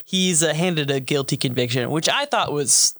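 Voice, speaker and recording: A woman's voice: low voice, normal speed, fairly bright tone, no echo. A woman co-hosting a podcast who recaps episodes in casual chat, laughs easily and acts out quotes. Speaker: podcast co-host.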